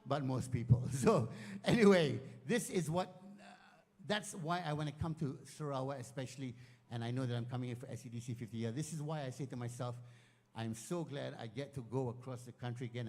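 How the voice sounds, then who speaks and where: A Malaysian man with a Malaysian accent, performing an animated stand-up comedy set and mixing in Malay words. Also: medium pitch, brisk. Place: event dinner hall. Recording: echoey hall reverb.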